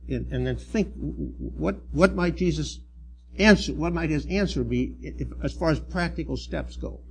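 Earnest gravelly-voiced male preacher. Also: fairly high pitch, a little hiss or hum. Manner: earnest, halting, with restarts and emphatic swells. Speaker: church elder preaching. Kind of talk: sermon.

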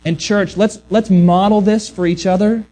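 A man's voice: high-pitched, steady tone, moderate pace, mellow. A man preaching a sermon earnestly, often restarting words and acting out the voices he quotes. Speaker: pastor.

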